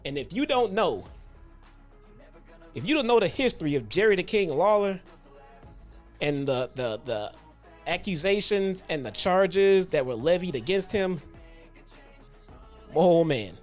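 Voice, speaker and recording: A man hosting a casual retro wrestling review, telling stories in a loose, profane, animated way. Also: sits high, measured pace, long pauses, soft background music. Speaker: host.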